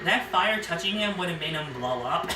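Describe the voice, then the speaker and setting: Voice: mid-range voice, lively intonation, normal speed, roomy sound, far from the mic, noisy background. A let's play host giving offhand, joking commentary on a game, recorded on a phone. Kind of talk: casual gameplay commentary.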